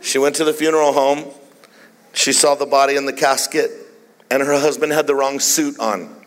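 A man preaching as the pastor plays the playful, jokey storyteller, teasing while he tells jokes and stories. His mid-range voice keeps fairly even intonation at a moderate pace, with the long reverb of a large hall around it.

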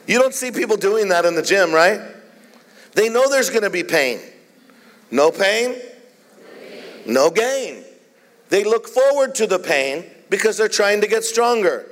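A man's voice: sits high, fairly bright tone. A man preaching a sermon as a pastor, repeatedly calling out "Amen?" to the congregation. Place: church hall. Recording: long hall reverb.

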